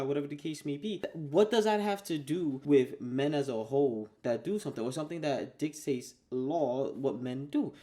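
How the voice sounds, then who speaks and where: A man's voice: fairly high pitch, lively intonation, normal speed, hardly any pauses, mellow. A man giving casual reaction commentary in a blunt, mocking way, swearing freely.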